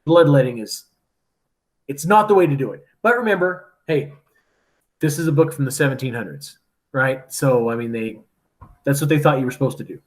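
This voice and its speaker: A man's voice: medium pitch, normal speed, long pauses. Male teacher, chatty and informal, retells a story with a mid-range voice. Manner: chatty, lots of "like" and "right?". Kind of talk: casual storytelling to students.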